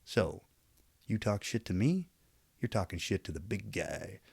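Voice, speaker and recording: This vlogger's voice is fairly low, a little mellow, with vocal fry and a breathy edge as he delivers a very animated, moderately paced opinion ramble to camera. Preachy but aware of it, he trails off into wry asides, recorded dry and close without room echo.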